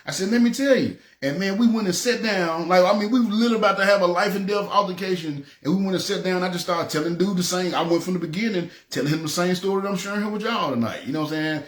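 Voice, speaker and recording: A preacher from North Memphis with a Memphis Southern accent, telling his testimony in an animated way and acting out the voices he quotes. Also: high-pitched, fast talker, few pauses, roomy sound. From North Memphis, USA. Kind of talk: testimony storytelling.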